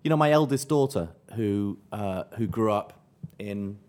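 A man's voice: lowish voice, lively intonation, darkish tone. Playful South East London man co-hosting. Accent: South East London English. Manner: brisk, playful, announcer-like reading of listings and plugs. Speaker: podcast co-host. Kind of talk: casual chat and show segments.

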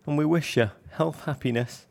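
A middle-aged man co-hosting a casual football podcast, making wry, deadpan jokes. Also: on the high side, normal speed, vocal fry. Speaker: podcast co-host.

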